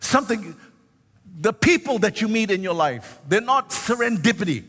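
A man's voice: high voice, lively intonation, moderate pace, a bit bright, big-room sound. A man in his sixties preaching a sermon as pastor, fervent, with frequent hallelujahs and a sing-song lift on key words. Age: 60s.

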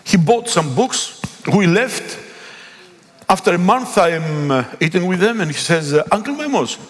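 A middle-aged man from Greece with a Greek accent, preaching a sermon and telling a story with emphatic, animated delivery. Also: high voice, measured pace. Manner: animated, emphatic, acts out dialogue. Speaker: pastor. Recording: echoey hall.

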